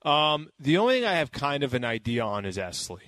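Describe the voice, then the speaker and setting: A man's voice: medium pitch, very animated, a little fast, a bit bright, no echo. A man co-hosting a sports radio show, talking casually and reading a live ad. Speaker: radio co-host. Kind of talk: casual chat and live ad read.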